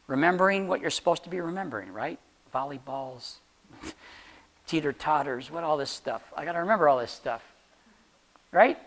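An instructor giving a class practical interview advice in a chatty, joking way, often asking the room questions. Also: mid-range voice. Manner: jokey, laughs at own jokes. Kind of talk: classroom talk on job interviews.

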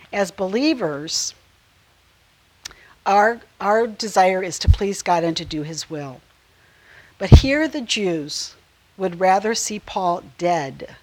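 A woman's voice: mid-range voice, low-quality recording. Earnest woman teaching a Bible study. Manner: earnest, with frequent pauses, ums and self-corrections.

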